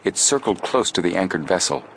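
A man narrating an adventure audiobook in a steady, measured storytelling voice. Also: low-pitched, a little hiss or hum. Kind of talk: scripted narration.

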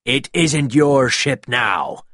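A man voicing a menacing male pirate captain with a husky voice, speaking slowly and coldly. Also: mid-range voice, expressive, dry recording, clean studio sound, exaggerated voice. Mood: angry. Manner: slow, drawn-out threats.

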